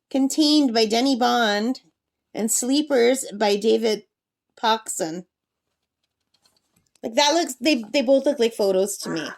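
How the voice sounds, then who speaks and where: Chatty woman vlogger, slightly high voice. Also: takes it slowly, pauses often. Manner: chatty and enthusiastic, talks to her pet parrot. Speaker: craft channel host. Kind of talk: casual book review vlog. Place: at a campsite.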